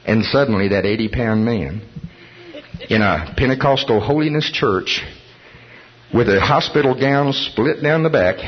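A man preaching a sermon, telling a story with animated delivery, chuckling and acting out the voices of people in it. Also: mid-range voice, unhurried, a little hiss or hum. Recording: dull lo-fi sermon recording.

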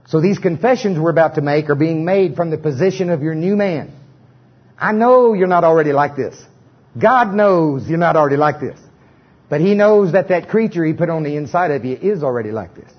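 Husky middle-aged male preacher, fairly high voice, dull lo-fi church recording, lively call-and-response. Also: brisk. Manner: animated, joking asides, leads congregation in repetition.

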